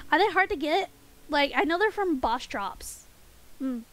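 High-pitched woman streaming a game, giggly and playful, chatting with chat. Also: low-quality recording.

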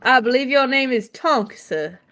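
A woman's voice: high voice, expressive, measured pace, fairly bright tone, dry recording. A woman voicing a polite, folksy adventurer who keeps calling people sir. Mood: friendly.

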